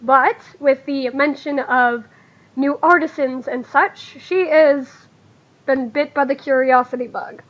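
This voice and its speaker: A smooth-talking schemer, played by a woman in a tabletop game, coaxing and soft-spoken. The voice sits high. The recording sounds dull and lo-fi. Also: slow pace. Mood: persuasive. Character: smooth scheming male character.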